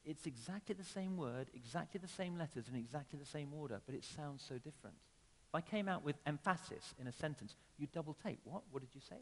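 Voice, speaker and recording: A preacher with a voice slightly higher than most men's delivers a quick, lively sermon, conversational yet swinging between emphatic raised phrases and sudden quiet asides. The long reverb of a church hall rings around him.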